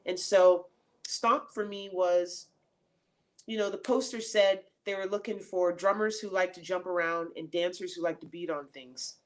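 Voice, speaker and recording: Animated woman telling a story, lowish voice. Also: a little slow. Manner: animated, laughing, lots of fillers and restarts. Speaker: interview guest. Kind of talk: casual storytelling in an interview.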